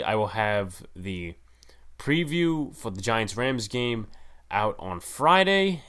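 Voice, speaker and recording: A young man hosting a solo sports podcast, talking in an animated, emphatic and rambling way with lots of fillers. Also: fairly low pitch. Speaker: podcast host.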